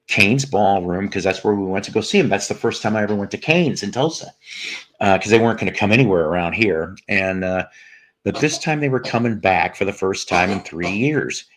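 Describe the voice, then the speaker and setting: A man with a fairly low voice talks loosely on a music stream. He reminisces and wanders, often restarting his sentences as he goes. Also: lively intonation, a little fast. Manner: rambling, reminiscing, with frequent restarts. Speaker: co-host of a music stream show. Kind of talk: casual chat.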